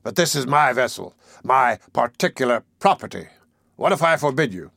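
A domineering sea captain, voiced by a male audiobook reader, speaks with sneering menace in a raised, carrying voice. The recording is dry and close. The threats come slow and deliberate. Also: medium pitch, expressive, vocal fry, a bit bright, no echo. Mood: threatening. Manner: threatening, sardonic. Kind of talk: audiobook character voice.

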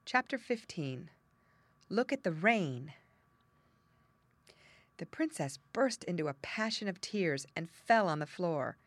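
A woman narrating a classic fairy tale audiobook in a measured, expressive reading. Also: on the low side, no echo. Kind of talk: storybook narration.

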